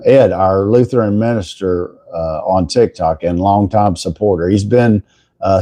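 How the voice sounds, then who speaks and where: Older texas guy rambling on his morning live stream, warm low voice, thanks folks by name. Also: dry recording. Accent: Texan. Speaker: livestream host. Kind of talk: casual livestream chat.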